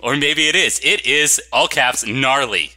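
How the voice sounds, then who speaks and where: Man, podcast co-host, sarcastic, laughs a lot, forceful bright tone, dry sound. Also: mid-range voice, unhurried, no echo. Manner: sarcastic, laughs often, reads quotes with mock gusto. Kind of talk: casual chat.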